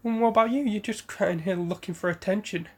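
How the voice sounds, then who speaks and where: A man's voice: sits high, brisk, darkish tone, slight background noise, pitched above the performer's own voice. A man voicing a blunt teenage boy ninja who lectures in a scolding, matter-of-fact way.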